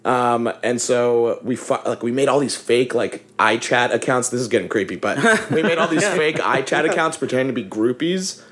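A young man hosting a casual chat, telling an animated story with lots of laughter and swearing. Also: medium pitch, moderate pace, hardly any pauses. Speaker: podcast host.

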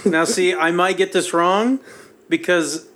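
A man on a casual podcast, guessing movie quotes in a relaxed way. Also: sits high, unhurried, heavy background noise. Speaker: podcast guest, contestant. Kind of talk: casual chat.

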